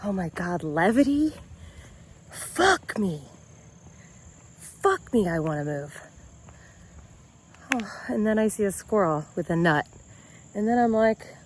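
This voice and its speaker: A woman's voice: medium pitch, sing-song, slow pace, long pauses, slight background noise. A middle-aged American woman giving a blunt, exasperated opinion vlog, swearing freely as she walks outdoors. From United States. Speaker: vlogger.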